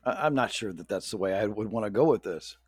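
A man's voice: fairly low pitch, lively intonation, brisk, slightly rough, dry recording, studio quality. A man co-hosting a casual chat, easygoing, asking playful questions and laughing often. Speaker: podcast co-host.

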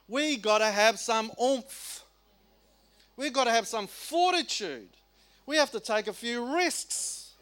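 High-voiced Australian pastor preaching. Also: male voice, smooth. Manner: animated, rhetorical questions, colloquial and emphatic. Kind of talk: sermon.

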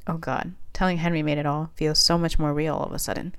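A soft, shaky, frightened woman doctor, read by a woman narrator. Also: low voice, little pitch movement, quick pace, clean tone, dry recording. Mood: scared. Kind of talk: storybook narration.

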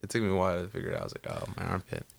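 A man's voice: sits low, steady tone, very fast, gravelly, slight background noise. A man co-hosting a podcast, chatting casually and rambling with lots of "like" and "you know.". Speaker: podcast co-host. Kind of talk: casual chat. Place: Los Angeles.

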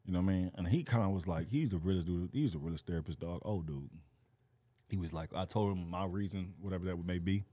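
Man with a low voice, slangy storyteller. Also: quick pace, no room sound. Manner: animated storyteller, slangy, acts out quoted voices. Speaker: comedian guest. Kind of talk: casual chat.

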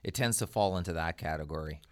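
A man's voice: deep voice, fast talker. A man co-hosting a podcast in casual chat, hesitant with many fillers and dry jokes. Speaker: podcast co-host.

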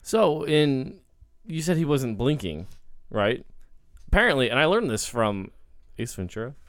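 A man's voice: medium pitch, unhurried, no echo, studio quality. A man co-hosting a movie podcast, chatting casually and jokingly with lots of fillers. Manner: animated, jokey, lots of fillers. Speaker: podcast co-host. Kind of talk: casual movie review chat.

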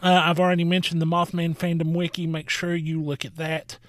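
A man delivers a scripted podcast segment in a slightly high voice. He is measured and deliberate, and the recording is dry and close. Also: level tone, a bit bright, no room sound. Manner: measured, spells out names. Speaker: segment presenter.

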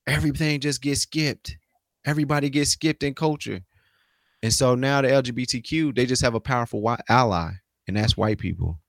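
A man's voice: medium pitch, moderate pace, no room sound. A man co-hosting a casual sports talk podcast, speaking loosely in slang with frequent restarts. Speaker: podcast co-host.

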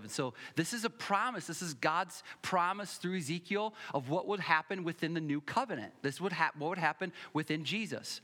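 A pastor preaching a sermon, telling humorous personal stories and building to emphatic repeated lines. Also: male voice, a little high, moderate pace, hardly any pauses. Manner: animated, humorous storytelling, building to emphatic repetition.

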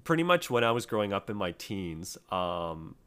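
A man's voice: low voice, very animated, normal speed, fairly bright tone. A young man co-hosting a podcast, chatting casually and telling a rambling story full of fillers. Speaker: podcast co-host.

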